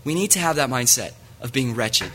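Earnest man preaching with a bright voice. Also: medium pitch, sing-song, brisk, slight background noise. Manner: earnest, reads scripture aloud. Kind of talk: sermon.

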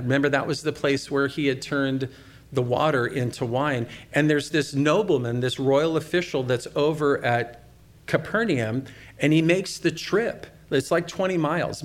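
A middle-aged man preaching a sermon, telling a personal story conversationally and asking the congregation questions. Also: a little high. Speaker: pastor.

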